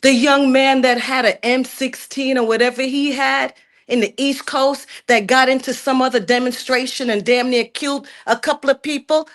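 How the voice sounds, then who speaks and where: In a heated call-in debate, a middle-aged Jamaican woman argues with force and indignation, calling the host "sir" over and over. Her voice sits high, with a steady tone and normal speed.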